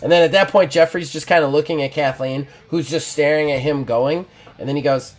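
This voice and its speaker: A man narrating a solo journaling tabletop game live, casual and relaxed with many fillers and restarts. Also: on the high side, fairly quick, faint music behind.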